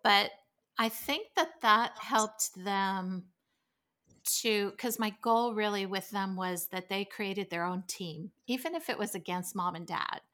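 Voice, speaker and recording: Middle-aged woman, podcast guest, animated storyteller, acts out voices, mid-pitched. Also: slow. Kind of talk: casual podcast conversation.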